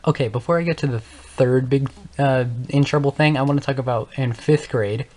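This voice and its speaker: A man's voice: medium pitch, a little fast, a little mellow. A teenage boy, a gaming channel host, telling a casual story in a rambling way, correcting himself often and laughing as he goes. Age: young teens.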